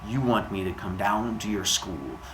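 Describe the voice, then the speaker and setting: Helios, a man doing a booming sun god. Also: background noise, lightly acted. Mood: solemn. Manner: slow, booming and grand. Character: booming slow-speaking sun god father.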